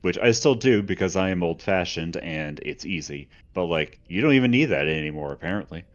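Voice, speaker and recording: A man's voice: deep voice, lively intonation, brisk. A man co-hosting a live gaming show, chatting in a dry, hesitant way with many fillers. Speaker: co-host. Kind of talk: casual livestream chat. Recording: dull lo-fi mic.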